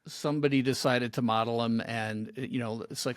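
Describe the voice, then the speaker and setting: A man hosting a podcast, reminiscing in a halting way with frequent restarts. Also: medium pitch, a bit bright, no room sound, studio quality. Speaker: podcast host. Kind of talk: casual podcast conversation.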